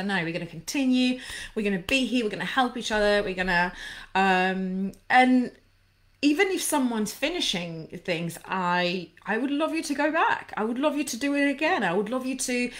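A woman's voice: medium pitch, lively intonation, moderate pace, a bit bright. A woman coaching people through anxiety in a casual live stream, bubbly and effusive, rambling with many fillers as she reacts to viewer comments.

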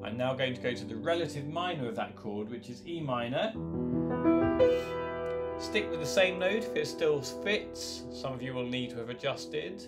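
A man leading a choir rehearsal, gently giving instructions, counting in and singing short lines for the singers to repeat. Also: medium pitch, lively intonation, normal speed, loud music behind the voice. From England. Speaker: choir leader. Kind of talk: online choir rehearsal, call and response.

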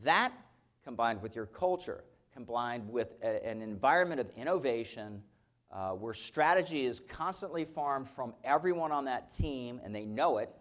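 A man in his fifties giving an energetic motivational keynote as a company founder, telling stories and often checking in with his audience. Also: medium pitch, moderate pace. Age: 50s. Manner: energetic, storytelling, keeps checking in with "okay?". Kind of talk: motivational conference talk. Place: conference stage.

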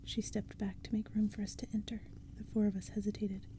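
A woman giving a hushed, gentle narration in a soft-spoken ASMR reading of a spooky storybook. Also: medium pitch, level tone, fairly quick.

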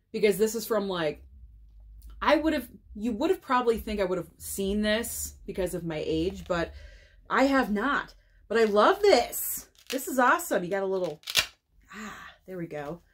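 Gushing, excitable American woman unboxing. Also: medium pitch, breathy edge. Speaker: movie collector vlogger. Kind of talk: casual unboxing chat.

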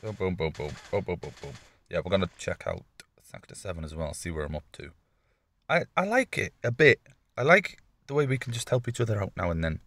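A man with a gravelly morning voice, chatting casually and swearing as he comments on his gameplay. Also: low voice, very animated, brisk, a bit bright. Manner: chatty, swears often, jokey asides. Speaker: gaming YouTuber.

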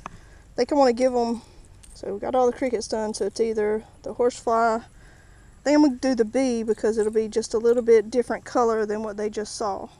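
A woman's voice: on the high side, fairly even intonation, a little fast, dark tone, rough recording. A woman vlogging outdoors by the water, casually narrating each catch and chatting to the fish as she unhooks them. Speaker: fishing vlogger. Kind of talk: casual play-by-play while fishing.

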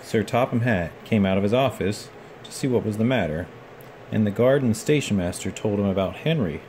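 A man with a fairly low voice reads a children's picture book aloud. His storytelling stays gentle and measured, with a faint hum in the background. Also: expressive.

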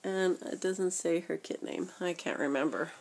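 A woman's voice: on the low side, normal speed, gravelly. A young woman chatting casually as she shows her reborn doll collection, rambling with fillers and self-corrections. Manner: talks softly, sometimes dropping to a near whisper. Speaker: vlogger showing her reborn dolls. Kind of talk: casual chat.

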